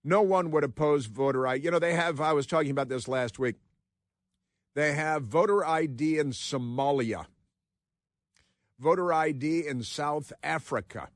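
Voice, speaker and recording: A man's voice: moderate pace, dry recording, clean studio sound. A man hosting a political talk radio show, delivering a sarcastic, mocking monologue that rambles with many fillers. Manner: puts on high mocking voices for quotes. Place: radio studio. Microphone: close studio microphone.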